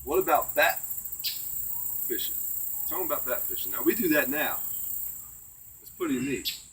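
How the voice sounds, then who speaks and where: A man's voice: medium pitch, big pitch swings, moderate pace, sharp tone, a little hiss or hum. Older guy telling old country stories, voice rising and falling a lot, far from the mic with crickets. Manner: rambling folksy yarn-spinning with tag questions. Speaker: storyteller. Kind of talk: casual outdoor chat, telling old tales. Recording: distant mic, faint crickets.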